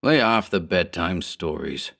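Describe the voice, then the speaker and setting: A man's voice: low-pitched, animated, a little slow, creaky, a bit bright, exaggerated voice. A man voicing a small, slick gang boss who speaks in 1930s gangster slang with a snarl and scorn. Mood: scornful.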